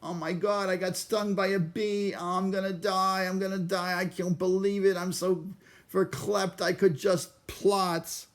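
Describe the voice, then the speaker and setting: Man doing a whiny, melodramatic toddler, pitched up high, over-the-top panic. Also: level tone, measured pace. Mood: panicky.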